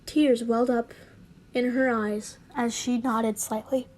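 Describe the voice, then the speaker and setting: A woman's voice: on the high side, level tone, slow, a little mellow. A woman reading her fanfiction aloud in a casual way, stumbling over words and adding joking asides. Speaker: fanfiction reader.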